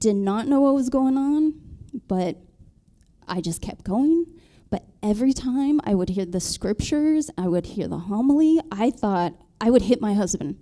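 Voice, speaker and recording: A married woman on a panel, telling her conversion story in a halting way, with many ums and restarts. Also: a little high, expressive, mellow. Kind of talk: personal testimony in a panel talk.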